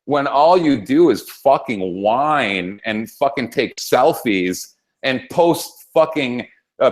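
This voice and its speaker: A man co-hosting a talk show, ranting heatedly about politics with constant swearing and rambling restarts. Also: mid-range voice. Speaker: co-host. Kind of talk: profane political rant.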